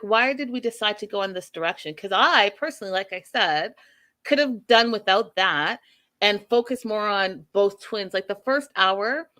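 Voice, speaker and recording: Animated woman recapping a TV show. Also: medium pitch. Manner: animated, emphatic, chatty. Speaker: podcast host. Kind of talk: casual TV recap commentary.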